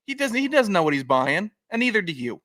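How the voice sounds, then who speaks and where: A man's voice: sits high, very animated, quick pace, bright, forceful tone. A man co-hosting a podcast, teasing and ribbing his partner in casual chat. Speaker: podcast co-host.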